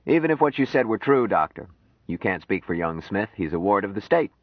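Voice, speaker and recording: A man's voice: on the low side, very animated, brisk, dry recording, muffled recording. A man voicing a stern, brusque middle-aged government official in an audiobook. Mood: skeptical, stern. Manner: brusque, commanding.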